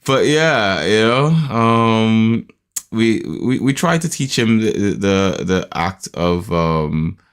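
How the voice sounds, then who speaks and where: A man hosting a podcast, telling a family story in a hesitant, animated way and mimicking a child's voice. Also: slow pace, clean tone. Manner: animated storytelling, acts out his son's high voice; hesitant, many restarts and fillers. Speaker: podcast host. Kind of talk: casual chat.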